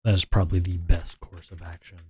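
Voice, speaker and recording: A man's voice: sits low, little pitch movement, fairly quick, darkish tone, breathy edge, no echo. A male streamer chatting casually and meandering, often mumbling and trailing off. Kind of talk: casual livestream chat.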